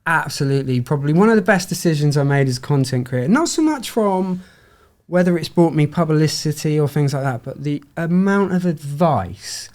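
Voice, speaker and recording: A man's voice: fairly high pitch, fairly quick. A middle-aged man, a podcast guest, telling his story in a casual, chatty way and acting out the voices of the people in it. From United Kingdom. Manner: chatty, acts out quoted dialogue with lively voice shifts.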